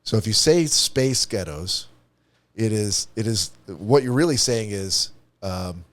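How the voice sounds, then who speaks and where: A man co-hosting a comedy podcast, talking in a loose, rambling way and restarting his sentences often. His voice sits on the low side, and it is recorded dry and close to the mic. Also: takes it slowly, no room sound. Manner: rambling, animated, lots of restarts. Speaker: podcast co-host. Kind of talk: casual comedic chat.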